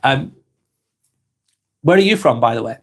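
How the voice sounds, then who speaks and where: A man's voice: mid-range voice, lively intonation, a little slow. An English man hosting a live stream, reading viewers' comments aloud and answering them bluntly, with frequent ums and repeated words. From England. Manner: blunt, dismissive of trolls, repeats himself with ums.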